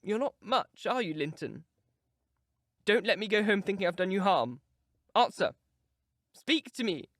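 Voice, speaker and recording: A man's voice: high-pitched, lively intonation, unhurried, pauses often, a bit bright, no room sound, studio quality, voice pushed up, heavily acted. A man reading an audiobook, voicing a hot-tempered but tender-hearted teenage girl who speaks with passion. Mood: pleading. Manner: impassioned, pleading.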